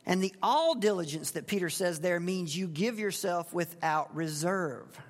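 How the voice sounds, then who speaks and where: A man's voice: high voice, lively intonation, measured pace. A male pastor giving a conversational expository sermon, asking the congregation questions. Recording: long hall reverb.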